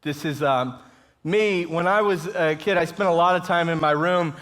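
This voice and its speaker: High-voiced man giving a lively talk. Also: moderate pace. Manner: lively storytelling with chuckles. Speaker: guest speaker. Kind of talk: inspirational talk at a church service. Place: church auditorium, live audience.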